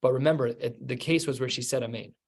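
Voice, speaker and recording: A rabbi giving a Talmud class, explaining each step and acting out the quoted lines. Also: male voice, mid-range voice, quick pace, vocal fry, a little mellow. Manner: explains step by step, mixing Aramaic terms into plain speech.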